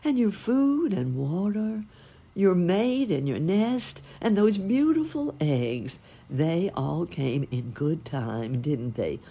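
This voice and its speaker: Woman voicing a gentle cooing turtle dove. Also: on the low side, sing-song, slow, gravelly, breathy edge, voice pushed up, heavily acted. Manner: soft, soothing, cooing.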